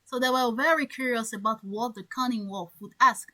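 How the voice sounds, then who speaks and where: A woman's voice: on the high side, normal speed, pushed and bright. A woman coaching an online English class, stretching key words and acting out examples. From French-speaking Africa. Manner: stresses words by drawing them out, acts out examples.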